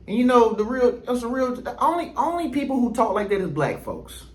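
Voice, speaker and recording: A man talks straight to his viewers in a loose, rambling vlog, full of restarts and quoted asides. His voice sits high for a man. The room around him rings with noticeable echo. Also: big pitch swings, moderate pace. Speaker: vlogger. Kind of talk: casual monologue to camera.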